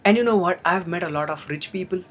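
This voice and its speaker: A man's voice: high-pitched, fast. A young man giving an earnest motivational talk, repeating phrases for emphasis. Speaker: motivational speaker. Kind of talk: motivational monologue.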